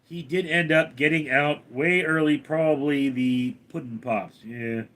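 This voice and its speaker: A man chats with his live-stream viewers, reading their names and comments one by one. His voice sits a little high and he takes his time, answering in short, easygoing replies. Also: unhurried, a bit bright. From Los Angeles, California. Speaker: livestream host reading chat. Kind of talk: casual live-stream chat.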